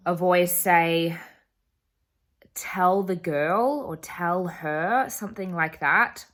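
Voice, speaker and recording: A woman's voice: low-pitched, bright, forceful tone. A young woman telling a personal story in earnest, emphatic vlog voice-over. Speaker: travel vlogger.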